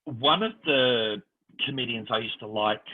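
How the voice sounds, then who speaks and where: A man co-hosts a casual chat, telling lively stories and slipping into the voices of the people in them. His voice has a husky grain. It comes through tinny, like a phone line. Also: mid-range voice, unhurried. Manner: animated storyteller acting out quoted voices. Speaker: podcast co-host.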